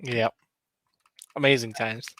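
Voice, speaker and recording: A man's voice: medium pitch, fairly even intonation, slow, a bit bright, slight background noise. A man co-hosting a casual streamed chat show, playful and fond of putting on silly accents. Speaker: podcast co-host.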